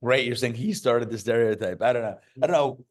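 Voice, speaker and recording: A rabbi with a mid-range voice and a brisk delivery runs a casual, story-filled Torah class before a live audience. Chatty and joking, he leans on fillers and keeps restarting his sentences.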